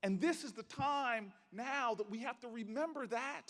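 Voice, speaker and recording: A man's voice: extremely high pitch, moderate pace, a bit bright. A man giving an impassioned political speech at a conference, rousing and rhythmic with repetition and folksy storytelling. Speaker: senator giving a keynote. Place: large conference hall. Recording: long reverb of a large hall.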